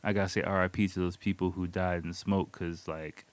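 A man with a somewhat low voice tells a personal anecdote in a loose, profane way, laughing often as he goes. The sound is dry and close, with no room echo. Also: little pitch movement, brisk. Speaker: storyteller. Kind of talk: casual spoken anecdote.

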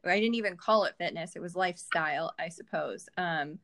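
A woman's voice: on the low side, brisk, a bit bright. A woman guest in a casual podcast interview, telling personal stories in a candid, reflective way.

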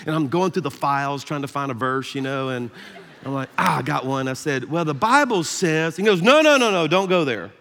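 A man with a Southern American accent preaching a sermon as pastor, telling a story in an animated, self-deprecating way and laughing often. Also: medium pitch, normal speed. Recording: echoey hall reverb.

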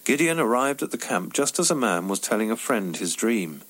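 A man reading his own devotional story aloud, wry and expressive. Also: fairly low pitch, normal speed.

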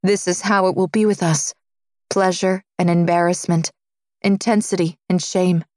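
Woman reading an intimate romance, dry sound. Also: no room sound. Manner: low, intimate reading, dropping softer for his lines. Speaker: audiobook narrator. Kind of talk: scripted first-person romance narration.

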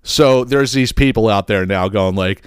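A man's voice: fairly low pitch, moderate pace, clean tone, dry recording, clean studio sound. Profane ranting male podcast host. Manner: profane, ranting, repeats words. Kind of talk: casual podcast rant.

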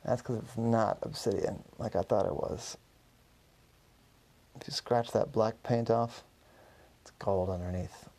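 A scheming male antique dealer brags about his plan in a storybook, read by a man in a deep, gravelly voice. The tone is mellow and a little husky, plain rather than theatrical. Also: steady tone, a little slow. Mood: boastful.

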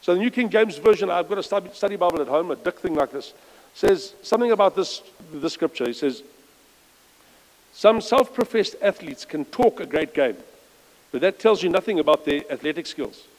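High-voiced man preaching in a hall. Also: lively intonation, normal speed. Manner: conversational, reads scripture aloud with emphasis, self-correcting asides. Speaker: lay preacher. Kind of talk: informal church sermon. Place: church.

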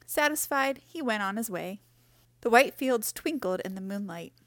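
A woman's voice: on the high side, normal speed, dry recording, studio quality. Woman reading a picture book aloud. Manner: gentle expressive reading with character voices. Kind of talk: storybook read-aloud.

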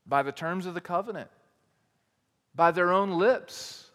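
A man with a notably high voice delivers a sermon as a teaching pastor, his words ringing out in a hall with long reverb. He drives his points home with repeated rhetorical questions. He swings between hushed, low-pitched emphasis and loud, soaring declarations. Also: measured pace.

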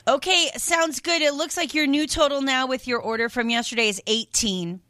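A woman hosting a radio call-in show, brisk, cheerful and friendly as she takes callers' orders. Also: sits high, fairly even intonation, sharp tone, no echo, clean studio sound. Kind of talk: upbeat on-air call-taking. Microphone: studio microphone.

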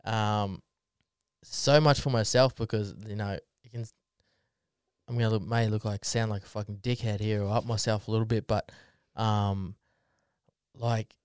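A man chats loosely on a podcast, swearing freely and breaking into laughter as he rambles. His voice is smooth and resonant, recorded dry and close with no room sound. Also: on the low side, steady tone, normal speed, darkish tone, no room sound. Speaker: podcast co-host. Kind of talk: casual chat.

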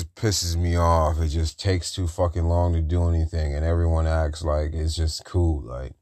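Profane low-voiced man ranting. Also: little pitch movement, moderate pace, hardly any pauses, darkish tone, dry recording, studio quality. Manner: profane, venting, repetitive. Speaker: podcast host. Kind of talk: angry solo rant.

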